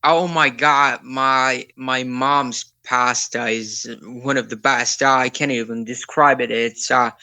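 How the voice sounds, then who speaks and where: A man's voice: mid-range voice, steady tone, slow pace, few pauses, bright, forceful tone, smooth. A young American man, a passerby being interviewed, talking in a laid-back, slangy way. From United States. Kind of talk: casual street interview.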